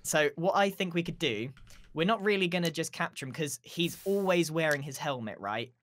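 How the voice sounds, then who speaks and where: A man's voice: on the high side, expressive, moderate pace, a bit bright. A man chatting casually while gaming with a friend, playful and scheming. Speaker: fellow player.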